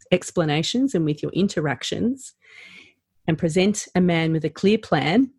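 A woman's voice: low-pitched, a little mellow, no room sound, clean studio sound. A woman who trains practitioners, talking in a casual chat and acting out firm voices as she explains.

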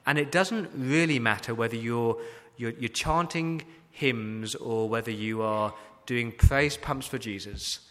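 A man's voice: mid-range voice, measured pace, hardly any pauses, bright, forceful tone. A man preaching a sermon as pastor, emphatic, asking repeated rhetorical questions. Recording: long hall reverb.

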